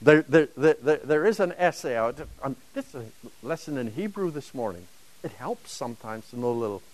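A man's voice: medium pitch, lively intonation, moderate pace, a little mellow, dry recording. A man teaching a Bible lesson to a class, emphatic and dramatic, driving home points with rhetorical questions.

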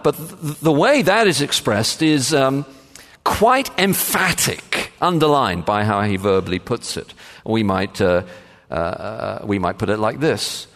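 A man preaching a sermon as pastor, measured and emphatic, with frequent pauses and "uh" fillers. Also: mid-range voice, sing-song, a bit bright. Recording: long reverb of a large hall.

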